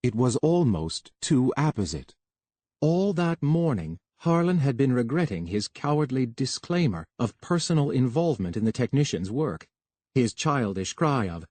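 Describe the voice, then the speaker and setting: Male audiobook narrator, measured and even, dry close recording. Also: medium pitch, no echo. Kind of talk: scripted narration.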